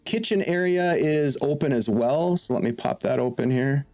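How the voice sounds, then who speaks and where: Man game master, mid pitch, relaxed narration of a tabletop game. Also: normal speed. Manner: relaxed, describing scenes and calling for rolls.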